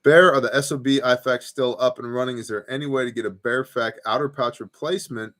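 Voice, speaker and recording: A man's voice: medium pitch, steady tone, brisk, fairly bright tone. A man hosting a casual livestream from his home porch, reading viewer comments aloud and telling rambling stories with lots of fillers. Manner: laid-back, rambling storyteller with fillers. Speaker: host of a prepper livestream.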